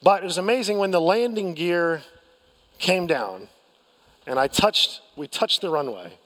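An American pastor preaches a sermon from the pulpit in a fairly high, slightly bright voice, animated and unhurried, with a long reverb trailing through the hall. He tells a personal story candidly, pokes fun at himself, and often stumbles into restarts.

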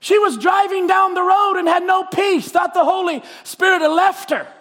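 A man delivers an impassioned sermon in a very high voice, rising to shouts and dropping to hushed scripture reading. His voice rings out with a long reverb through a church sanctuary. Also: steady tone, normal speed. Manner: impassioned, swings between shouting and quiet reading. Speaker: preacher.

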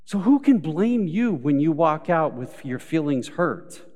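In a church sanctuary, a male pastor preaches a live sermon full of everyday stories, acting out what people say and building to emphatic peaks before easing back down. His voice is a little high and a little mellow, with big pitch swings and a slightly slow pace, and the live recording carries long hall reverb.

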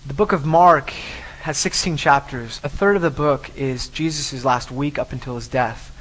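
A man's voice: mid-range voice, normal speed, a bit bright, rough recording. A man preaching a sermon, emphatic, often repeating and restarting phrases. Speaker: pastor.

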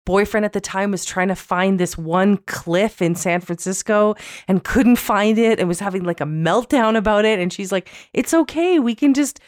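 A woman's voice: medium pitch, fairly even intonation, moderate pace, no echo, studio quality. A woman in her thirties co-hosting a casual podcast, chatty and playfully teasing. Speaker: podcast co-host.

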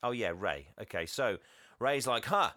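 A podcast co-host in casual chat, retelling a film with rambling asides, acting out the characters' lines. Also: male voice, mid-range voice, animated, a little slow, pushed and bright, no echo, clean studio sound. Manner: rambling, laughs often, acts out lines.

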